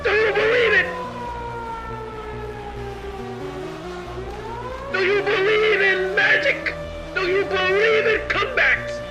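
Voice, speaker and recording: A man with a Philadelphia accent calling an amateur baseball game outdoors, shouting the big plays. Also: very high-pitched, steady tone, moderate pace, lo-fi sound, faint music behind. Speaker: play-by-play commentator. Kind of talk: amateur sports commentary. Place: outdoor park.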